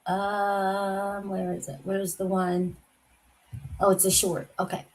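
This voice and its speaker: A woman hosting a casual livestream chat who talks in a soft, rambling way and often trails off. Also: medium pitch, monotone, slow pace, poor audio. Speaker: livestream host.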